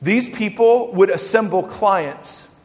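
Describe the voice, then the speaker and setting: Guy pastor preaching, high voice, punchy and emphatic, lots of "right?", big reverby church hall. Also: slow. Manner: animated, emphatic preaching with rhetorical questions. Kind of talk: sermon.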